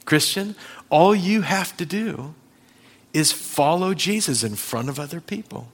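A man preaching a sermon as pastor, emphatic and deliberate, acting out Bible scenes with dramatic pauses. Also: on the high side, lively intonation, husky. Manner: emphatic, acts out Bible scenes in changing voices.

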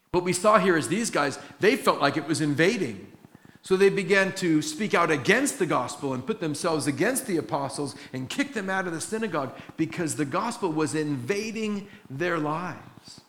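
A man's voice: a little high, very animated, moderate pace, a bit bright, echoey room. A man preaching earnestly to a congregation, slipping into voices of doubters. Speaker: pastor. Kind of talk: sermon.

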